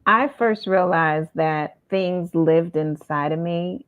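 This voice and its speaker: A woman hosting an interview, telling a personal story in a lively way and acting out the voices of the people in it. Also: on the low side, takes it slowly. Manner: animated, acts out quoted voices. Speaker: host. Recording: phone-like narrow sound.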